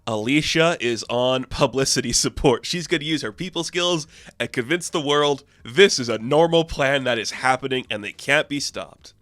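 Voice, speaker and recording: Excitable man recapping comics, bright voice. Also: mid-range voice, no room sound. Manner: chatty and excitable, lots of fillers and quick laughs. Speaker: comic book reviewer.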